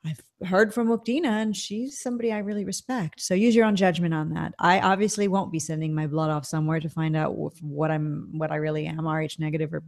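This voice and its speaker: A middle-aged woman with a slightly low voice hosts a casual online chat show. She talks in a loose, chatty way, reads out viewer comments and laughs easily between thoughts. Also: fairly even intonation, fast, vocal fry, few pauses, a little mellow. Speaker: show host. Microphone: desk mic.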